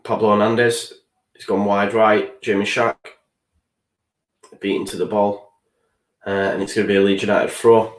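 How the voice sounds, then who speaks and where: A man's voice: fairly low pitch, little pitch movement, normal speed, pauses often, echoey room. A young man, hosting a live football watchalong, frustrated and swearing as he reacts to the match and reads out viewer chat. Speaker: fan channel host.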